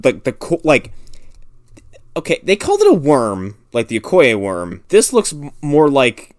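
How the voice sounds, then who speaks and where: Excitable man gushing in casual chat. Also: medium pitch, unhurried, no echo, clean studio sound. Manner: excitable, animated, heavy swearing. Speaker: podcast co-host. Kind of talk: casual movie-review chat.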